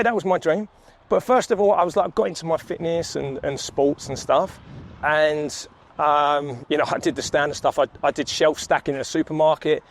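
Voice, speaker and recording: A man, telling his story in casual chat while walking down a city street, laughing and swearing freely. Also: a little high. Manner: laid-back, swears freely, laughs often. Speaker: vlogger, sales coach. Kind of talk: casual walk-and-talk storytelling.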